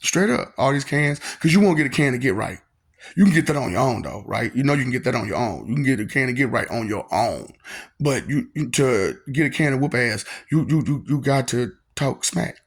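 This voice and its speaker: Gravelly husky man, taunting monologue. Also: medium pitch, expressive, fairly quick. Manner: taunting, repetitive, laughs often. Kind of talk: freewheeling spoken monologue.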